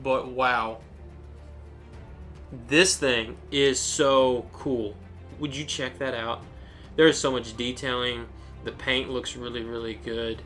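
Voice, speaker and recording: A man hosts an unboxing video with a bright, forward tone, rambling happily from one thought to the next. He gushes over everything in an excited, informal way, and faint music plays softly underneath. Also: medium pitch, slow, pauses often. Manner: enthusiastic, rambling, gushing. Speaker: unboxing channel host.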